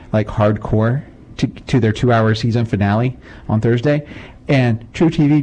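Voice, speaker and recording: A man's voice: lowish voice, mellow, poor audio. A man co-hosting a radio show, chatting casually with dry, wisecracking asides. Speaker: radio co-host.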